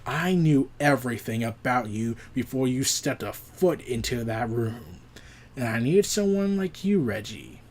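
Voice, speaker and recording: Dude doing a cold scheming comic mastermind, slow low voice, quietly menacing. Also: male voice, animated. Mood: sly, menacing.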